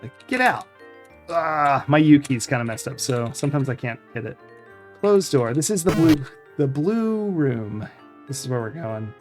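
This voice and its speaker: A retro-game streamer chatting casually through a live playthrough, mid-pitched and relaxed. The streamer reads the game's text aloud and drops in offhand reactions, while faint game music plays in the background. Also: normal speed. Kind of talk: live let's-play commentary.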